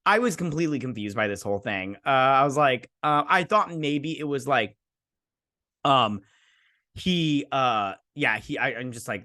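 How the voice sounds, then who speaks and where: A man's voice: medium pitch, lively intonation, normal speed, bright, forceful tone. Sarcastic, rambling man recapping. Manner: sarcastic, exasperated, mimics characters mid-story; rambling with many fillers and restarts. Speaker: show host reviewing a TV episode. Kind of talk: casual ranting recap.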